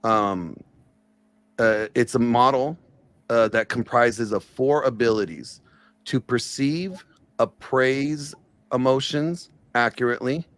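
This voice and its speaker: A man on a casual streamed discussion, explaining his point slowly with many fillers and restarts. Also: medium pitch, animated, no room sound. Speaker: panelist in a stream debate.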